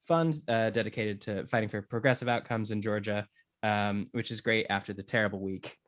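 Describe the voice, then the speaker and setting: Low-voiced man searching for words. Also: steady tone, brisk, a bit bright, no room sound, studio quality. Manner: grateful, searching for words with many fillers. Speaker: cast member. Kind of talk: casual chat on a video call. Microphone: video call.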